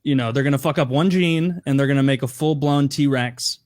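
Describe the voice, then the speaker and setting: A man's voice: mid-range voice, moderate pace, dry recording, clean studio sound. A man co-hosting a podcast, bantering and joking in casual chat. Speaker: podcast co-host.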